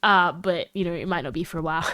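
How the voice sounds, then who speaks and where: A woman's voice: fast, bright, forceful tone, no echo. A woman with an Australian accent, rambling and giggling through casual chat with her live stream audience. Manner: rambling and giggly, with big jumps in pitch.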